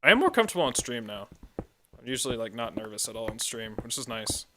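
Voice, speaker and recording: A man from the United States streaming a game, chatting casually and telling stories in an excitable way, swearing freely. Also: medium pitch, quick pace, a little hiss or hum. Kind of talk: casual commentary while gaming.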